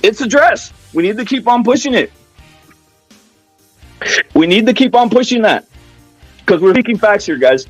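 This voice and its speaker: A man's voice: sits high, animated, moderate pace, long pauses, dry recording, soft background music. A man hosting a casual boxing rant, profane, repetitive and heated. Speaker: boxing commentary channel host.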